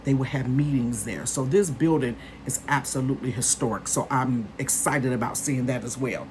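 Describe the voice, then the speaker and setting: A woman in her fifties chatting casually to her viewers as a vlogger, calling them "honey" and "you guys" and bursting into excitement. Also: a bass voice, normal speed, a little hiss or hum. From northern United States. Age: 50s.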